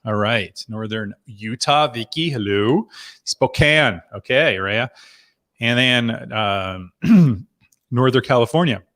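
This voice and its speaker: A man's voice: mid-range voice, animated, takes it slowly, fairly bright tone. A middle-aged man from New Jersey hosting a live online members' chat, rambling and chatty with lots of fillers and laughs. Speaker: host.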